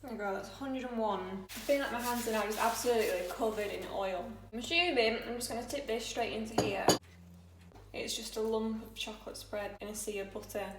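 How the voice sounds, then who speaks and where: Young woman, higher voice, chatty self-mocking baking vlog, echoey kitchen, faint noise. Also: brisk. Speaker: vlogger. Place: home kitchen.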